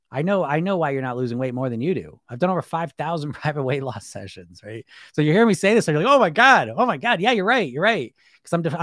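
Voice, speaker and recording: A man coaching weight loss on a live stream, talking rapidly and bluntly, swearing casually and tagging his points with "right?" and "you know?". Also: on the high side, no room sound, clean studio sound. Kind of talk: live-stream monologue to viewers.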